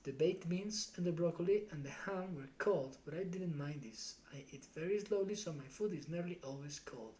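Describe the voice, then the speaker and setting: A streamer reading a novel aloud live in steady first-person storytelling. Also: medium pitch, normal speed, hardly any pauses.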